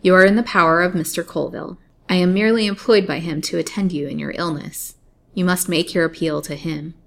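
A woman's voice: fairly low pitch, fairly even intonation, brisk, gravelly, fairly bright tone. A woman voicing a grim male doctor, curt and sardonic, in a storybook reading.

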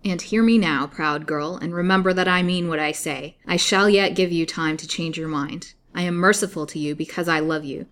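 A woman voicing a cold, insistent young male suitor in a storybook reading, speaking forcefully. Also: lowish voice, normal speed, few pauses, close to an everyday voice. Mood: cold menace. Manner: forceful, imploring then menacing.

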